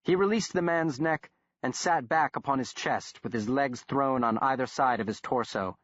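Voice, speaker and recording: Man reading a horror audiobook, middle pitch, steady, kinda muffled dry recording. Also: moderate pace, no echo. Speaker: audiobook narrator. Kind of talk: scripted narration.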